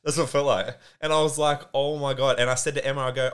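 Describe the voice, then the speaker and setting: An earnest young man shares a heartfelt story on a podcast, his voice sitting at a mid pitch. He talks casually, with plenty of filler words and restarts as he works through his feelings. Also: steady tone, quick pace, a bit bright, clean tone. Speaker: podcast co-host. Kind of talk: casual chat.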